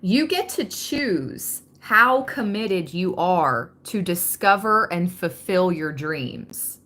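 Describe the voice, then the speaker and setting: A woman giving a spiritual card reading. She reads the messages slowly and with emphasis, then slips into casual asides. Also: lowish voice, expressive, sharp tone. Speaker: tarot reader.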